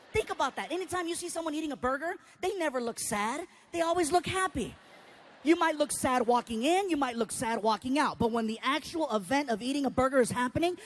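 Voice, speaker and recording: Woman, high voice, stand-up storytelling, animated, voices and sound effects, faint background hum. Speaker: comedian.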